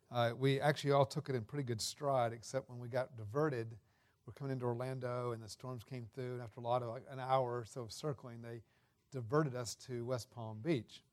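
A man's voice: medium pitch, a little mellow. Folksy older man preaching. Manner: folksy, anecdotal, with filler words and restarts. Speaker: guest preacher. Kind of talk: sermon with personal stories.

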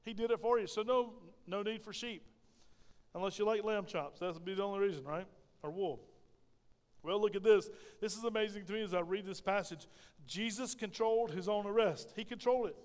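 High-voiced preaching man, hall reverb. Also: a little fast, darkish tone. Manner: preaching with call-and-response questions to the congregation. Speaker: pastor. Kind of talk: sermon. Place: church sanctuary.

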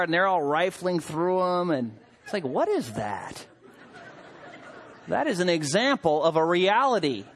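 Man, preacher, humorous sermon, animated intonation. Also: sits high. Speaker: pastor.

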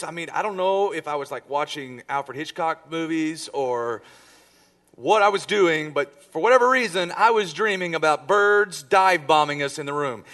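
Animated man preaching a storytelling sermon. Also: fairly high pitch, normal speed. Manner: storytelling with acted-out quotes, dramatic swings in volume. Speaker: pastor.

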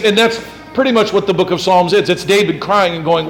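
Animated high-voiced man preaching in a hall. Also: brisk. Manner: animated, acts out quotes, rhetorical asides. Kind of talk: sermon. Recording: roomy hall, faint room noise.

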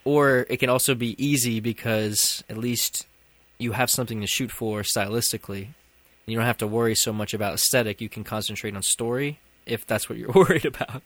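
A man's voice: mid-range voice, fairly even intonation, fairly quick, a bit bright, dry recording. A young man co-hosting a podcast, chatting loosely and laughing as he talks. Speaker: podcast co-host. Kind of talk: casual banter.

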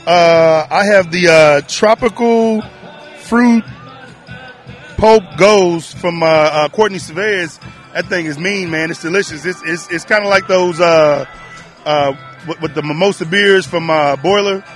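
A man's voice: on the high side, measured pace, soft background music. A man chatting in an easygoing, friendly way as a guest at an outdoor beer festival. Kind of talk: casual chat at a beer festival.

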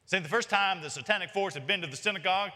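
A man's voice: sits high, very fast, bright, forceful tone. A man preaching an expository sermon, talking emphatically and rising on his key points. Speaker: pastor. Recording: long reverb of a large hall.

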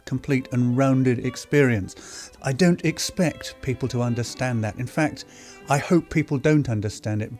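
Man from Britain, reflective radio essay, halting musing delivery, mid-pitched voice. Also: a little mellow. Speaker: presenter and writer.

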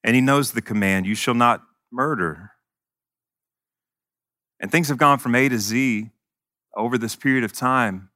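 A man's voice: medium pitch, unhurried, long pauses, pushed and bright, dry recording, clean studio sound. A male pastor preaching a sermon in an earnest, conversational way, with touches of self-deprecating humor.

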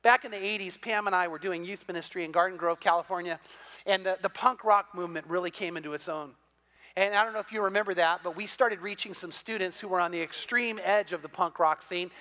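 A middle-aged man preaching a sermon, telling a story with a high, bright voice. He stumbles through quick restarts and acts out the voices of the people he describes. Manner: animated storyteller, many repeated "and, and" restarts, acts out quoted voices. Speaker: pastor.

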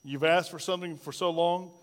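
Male pastor, fairly high voice, preaching in a church with a long hall echo. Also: fairly even intonation, fairly quick. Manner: preaching with rhetorical questions and a personal story. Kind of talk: sermon.

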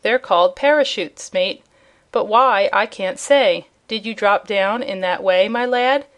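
A woman's voice: medium pitch, measured pace, close to an everyday voice. A woman voicing a jolly, kindly old male sailor who talks in a rustic dialect with dropped letters, read as an audiobook character. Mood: musing.

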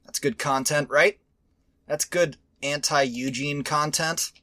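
A man hosting a podcast in casual chat, rambling, animated and profane. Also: a little high, takes it slowly. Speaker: podcast host.

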